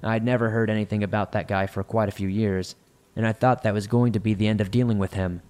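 A man reading listener-submitted horror stories aloud in a measured, somber narration. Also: lowish voice, flat delivery, a little mellow.

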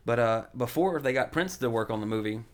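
A man's voice: medium pitch, expressive, brisk. A man hosting a podcast, chatting casually and enthusiastically about films with lots of fillers. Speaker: podcast host. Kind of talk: casual film chat.

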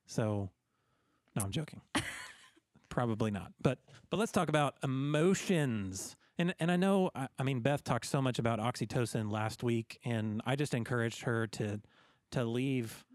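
A man hosts a podcast in loose, joking chat. He often trips over his words and repeats them as he gets going. His voice sits at a middle pitch, recorded dry and close with no room sound. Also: animated, moderate pace, no room sound. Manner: joking, repeats words when starting sentences. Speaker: podcast host.

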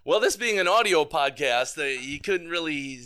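A man's voice: on the high side, expressive, moderate pace, sharp tone, smooth. A man as an interview guest, telling a casual, rambling story with lots of fillers and frequent laughs. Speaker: guest, band's tour manager.

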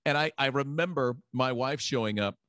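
Speaking at a normal pace with medium pitch, a middle-aged guest recounts a story in relaxed conversation. He animatedly performs the voices of those he quotes, with laughs, on a dry recording.

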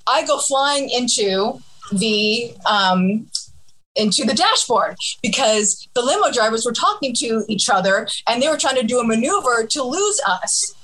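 A woman's voice: on the high side, a little hiss or hum, rough recording. Chatty woman telling a rambling story. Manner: animated, halting, acts out voices in quotes. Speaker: guest. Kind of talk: casual storytelling.

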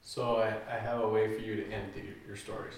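A man giving quick coaching asides to a storyteller. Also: lowish voice, level tone, a little hiss or hum. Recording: roomy sound from far off, faint ambience.

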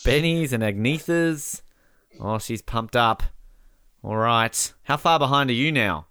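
Man, joking watch-along commentary, bright clear voice, dry close sound. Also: medium pitch, measured pace, no echo. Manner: jokey, bursts into excited shouting at big moments. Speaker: podcast co-host.

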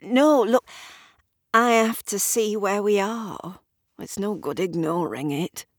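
A woman doing a gruff, muddled old man. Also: mid-range voice, slow pace, no room sound, clean studio sound, pitched above the performer's own voice. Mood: earnest.

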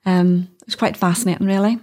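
A woman's voice: on the low side, steady tone, fast talker, a little mellow. A middle-aged woman with a Northern Irish accent, a doula telling her story in a chatty interview, laughing often. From Northern Ireland. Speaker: doula, podcast guest. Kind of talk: casual interview chat.

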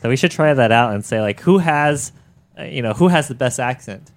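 A man's voice: mid-range voice, expressive, brisk. A man on a tech podcast panel, passing on listener comments with plenty of fillers and a good-humored, hesitant manner. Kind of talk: casual tech chat.

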